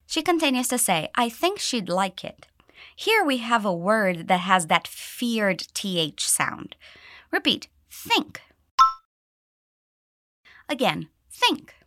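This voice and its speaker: A woman English teacher guides learners through a pronunciation drill, her pitch rising and falling in a lively way. She models each phrase with deliberate clarity so it can be echoed back. The sound is close and dry, with no room around it. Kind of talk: pronunciation lesson with repeat drills.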